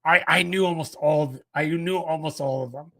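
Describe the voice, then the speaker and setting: A man with a bright, clear timbre telling a rambling anecdote on a casual talk show. He trails into restarts and laughs his way through the punchlines. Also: a little high, fairly quick. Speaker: co-host. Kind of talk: casual storytelling chat.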